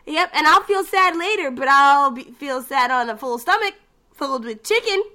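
A woman with a Boston accent chats loosely as a podcast co-host. Her voice sits a little high and bright, and it swoops up and down as she talks. She is brash, swears freely and laughs often. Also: lively intonation, normal speed. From Massachusetts. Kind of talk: casual chat.

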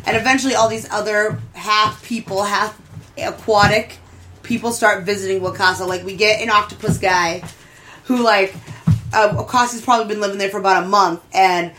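A woman casually recapping a show in a podcast chat, chatty and lively, acting out the characters' lines in a raised voice. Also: normal speed, soft background music. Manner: chatty, lively, acts out quotes in higher voices. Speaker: anime reviewer.

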